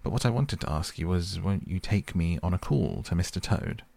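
Brief: a man doing a soft-spoken, cautious storybook mole, deep and husky. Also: animated, moderate pace, no room sound, full character voice. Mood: mild. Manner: gentle and cautious. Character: mild, candid, soothing male mole.

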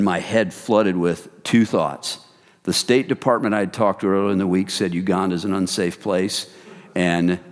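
An American man telling his testimony as a preacher, animated and addressing the room as "you guys". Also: lowish voice. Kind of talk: sermon testimony. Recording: long reverb hall.

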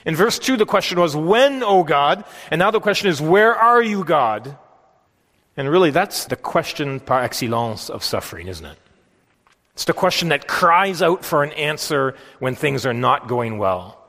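A man's voice: on the high side, lively intonation, normal speed, a bit bright. A man preaching a sermon, asking his listeners direct questions and voicing a psalm's pleas with rising intensity. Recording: long hall reverb with faint music behind.

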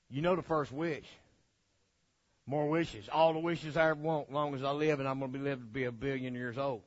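A preacher delivers a sermon in an animated, folksy, joking way. His voice sits high and bright. The recording sounds dull and lo-fi.

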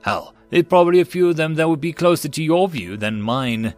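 A man's voice: fairly high pitch, expressive, brisk, faint music behind, pitched above the performer's own voice, natural voice. A man voicing a wry, often exasperated human woman diplomat who sighs through her explanations.

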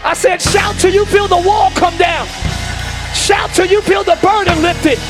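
A hoarse man preaching a shouted sermon as pastor, hollering in rhythmic repeated phrases and calling out to the congregation, recorded live in a large church. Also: very high-pitched, fairly even intonation, measured pace. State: hoarse from screaming. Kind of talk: shouted Pentecostal-style sermon. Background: church band music.

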